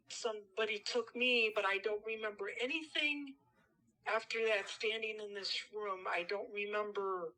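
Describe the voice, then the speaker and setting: A woman being interviewed, telling her story in a halting, animated way with many restarts. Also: mid-range voice, poor audio. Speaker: interview guest.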